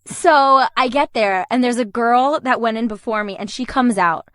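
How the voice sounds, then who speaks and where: A woman's voice: fairly high pitch, moderate pace, fairly bright tone, no room sound, clean studio sound. A young adult woman, a voice actor, telling stories in a casual interview and laughing often. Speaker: voice actor guest.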